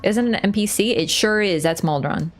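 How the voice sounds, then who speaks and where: A young woman streaming a game live, excitable, shouting at the game and laughing often. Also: mid-range voice, normal speed, soft background music.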